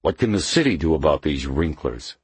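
A male narrator voicing a calm FBI agent who speaks in a measured, deliberately casual way. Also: very deep voice, slightly rough, no room sound, heavily acted.

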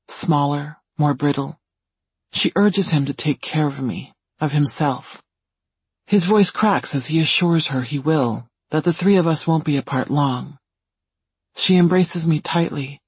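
A man reading a first-person story in calm, even scripted narration. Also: fairly high pitch, slightly rough, no room sound. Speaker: audiobook reader.

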